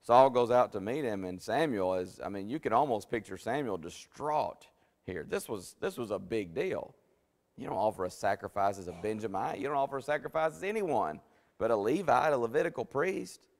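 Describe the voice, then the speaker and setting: A man's voice: fairly low pitch, expressive, moderate pace. A man teaching a Bible study in a church, folksy and conversational with many restarts. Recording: long church hall reverb.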